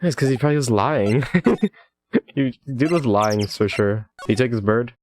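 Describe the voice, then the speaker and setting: A man's voice: medium pitch, normal speed, darkish tone, a little hiss or hum. A man casually commenting while playing a game, joking and saying "dude" a lot. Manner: laid-back, joking, says "dude" a lot. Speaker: streamer. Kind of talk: casual let's-play commentary.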